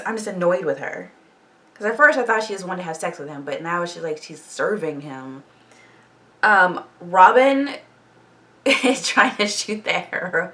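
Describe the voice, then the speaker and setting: A woman recapping a TV episode in a casual, animated reaction vlog, swearing freely and laughing often. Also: fairly low pitch, a little slow, far from the mic. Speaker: TV show reaction vlogger.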